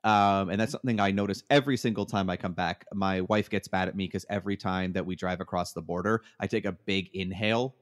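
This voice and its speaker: Canadian guy chatting, lowish voice, lots of ums and restarts. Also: fairly even intonation, fast, hardly any pauses. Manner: hesitant, many fillers and restarts. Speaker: guest. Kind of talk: casual storytelling.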